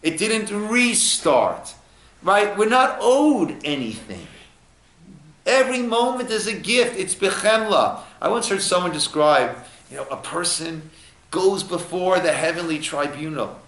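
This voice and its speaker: A male rabbi teaching an informal study class, unhurried and acting out little dialogues as he explains. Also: high voice, lively intonation, a bit bright. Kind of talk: informal text study lesson. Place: echoey room at a lunch study group. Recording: roomy echo.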